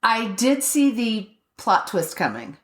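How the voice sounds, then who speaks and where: A woman's voice: fairly high pitch, takes it slowly. A woman co-hosting a podcast in casual chat, joking with wordplay and telling stories. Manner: joking, wordplay, animated storyteller. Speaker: podcast co-host.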